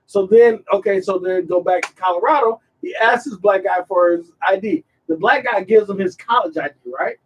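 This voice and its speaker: A man with a high, husky voice tells a long story on a casual podcast, acting out every quote and circling back over his words. He sits back from the mic, so his voice carries a little distance. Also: moderate pace, hardly any pauses. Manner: animated retelling, acts out quotes, repeats himself. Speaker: podcast host.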